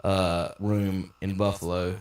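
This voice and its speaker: A man's voice: deep voice, level tone, slow, darkish tone. A man hosting a sports talk show, chatting casually with his co-hosts, laughing often and tripping over his words. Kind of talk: casual sports radio chat.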